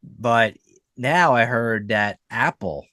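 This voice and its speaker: A man's voice: medium pitch, slow pace, dry recording. Casting: male podcast co-host, rambling, easygoing, dry close mic. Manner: rambling, lots of fillers, animated storytelling. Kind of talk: casual chat.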